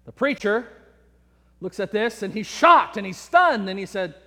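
A man's voice: sits high, big pitch swings, moderate pace, pushed and bright. A man preaching a sermon in a church, telling a joke story and acting out the characters' voices. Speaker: pastor. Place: church sanctuary. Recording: long church reverb.

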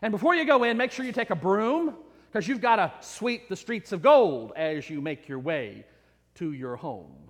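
A man preacher voicing Saint Peter as a calm, amused heavenly gatekeeper. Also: high-pitched, moderate pace, big-room sound. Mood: genial.

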